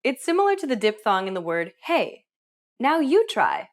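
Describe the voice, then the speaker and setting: A woman presenting a scripted language lesson, with upbeat and clear instructional delivery. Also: fairly high pitch, sing-song, normal speed. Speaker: language teacher.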